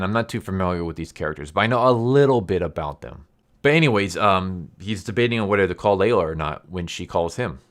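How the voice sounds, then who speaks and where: Male reviewer, deep voice, loose rambling recap style. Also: a bit bright. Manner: rambling retelling with fillers and quoted dialogue. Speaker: video reviewer. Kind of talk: casual recap commentary.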